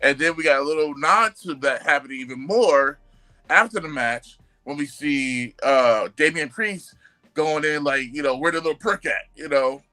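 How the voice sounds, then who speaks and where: Man, podcast co-host, casual chat, slightly high voice, repeats himself. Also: normal speed, rough recording. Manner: animated, slangy, repeats phrases.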